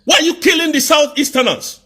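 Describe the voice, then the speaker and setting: A man with a Nigerian accent in an angry live rant, firing off accusing rhetorical questions and sometimes shouting. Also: very high-pitched, brisk. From southeast Nigeria.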